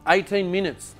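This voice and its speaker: A man's voice: sits high, fairly bright tone. A man who teases a friend, laughs often and talks with his mouth full. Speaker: friend timing the build. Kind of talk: casual chat.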